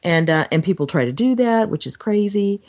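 A woman chatting casually as a podcast co-host, her voice going hoarse, animated when quoting people. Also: fairly quick. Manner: animated, acts out quotes in a higher voice. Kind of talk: casual conversation.

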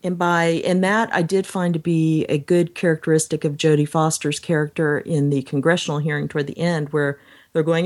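A woman chatting casually as a podcast co-host, her voice going hoarse, animated when quoting people. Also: a little fast. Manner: animated, acts out quotes in a higher voice. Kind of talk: casual conversation.

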